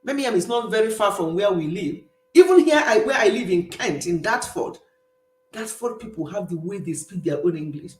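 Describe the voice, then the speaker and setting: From her home in the UK, a middle-aged Nigerian woman with an Igbo accent hosts a livestream, chatting casually with live viewers. She's animated and emphatic, laughs often, and speaks at normal speed with a medium-pitched voice in an echoey room.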